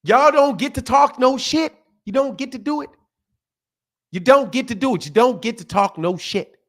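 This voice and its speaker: A man hosting a boxing channel stream, giving heated, mocking commentary with drawn-out emphasis. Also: extremely high pitch, lively intonation.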